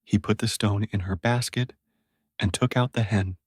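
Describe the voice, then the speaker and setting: A man narrating a classic story slowly and clearly for English learners. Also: lowish voice, steady tone, no echo, studio quality.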